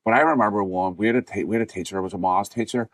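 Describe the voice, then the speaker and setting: A man's voice: lowish voice, rapid-fire, dry recording. A middle-aged man, chatting casually and telling school stories with a laugh. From Northern Ireland. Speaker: podcast host. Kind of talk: casual chat.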